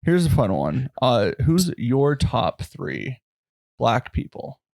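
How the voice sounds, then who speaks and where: A man hosting a comedy podcast, playing along with bits in a laid-back deadpan. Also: mid-range voice, takes it slowly, gravelly, no room sound, studio quality. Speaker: podcast host. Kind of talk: casual podcast banter.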